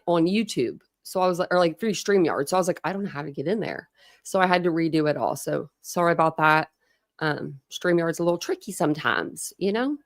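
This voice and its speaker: An Ohio woman with a lowish voice hosts a casual true crime livestream, recorded clean in a studio with no echo. She's chatty, laughs often, and greets viewers by name.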